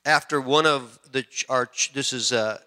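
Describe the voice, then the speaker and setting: A man from the United States preaching a sermon, telling animated stories with frequent restarts. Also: medium pitch, moderate pace, smooth. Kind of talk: sermon with storytelling.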